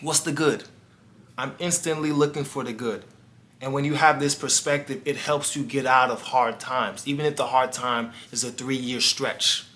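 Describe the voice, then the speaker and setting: Man, life coach, earnest motivational storytelling, crisp bright tone, speaks straight to the viewer. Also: medium pitch, steady tone, normal speed. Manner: earnest, talks straight to the viewer, acts out dialogue.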